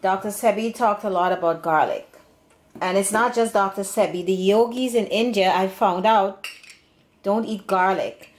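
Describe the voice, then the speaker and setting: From a home kitchen with slight background noise, a woman of Serbian background hosts a cooking demonstration for her home cooking channel. Her mid-range voice moves at normal speed, chatty and meandering, with frequent sentence restarts.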